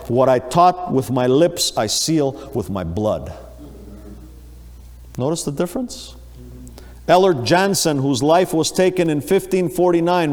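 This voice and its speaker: A man preaching a sermon, dramatic and emphatic, acting out quotes with rising force. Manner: dramatic, rises high and loud on acted quotes. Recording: long reverb of a large hall.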